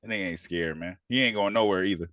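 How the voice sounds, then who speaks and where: A man's voice: deep voice, fast talker, a bit bright, no room sound. A man co-hosting a casual TV review podcast, retelling scenes with profane slang and acting out the characters' lines. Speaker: podcast co-host.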